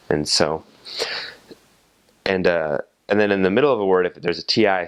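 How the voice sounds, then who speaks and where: A young man explaining things in a relaxed, casual way, with many fillers and restarts. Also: low voice. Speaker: vlogger explaining language differences.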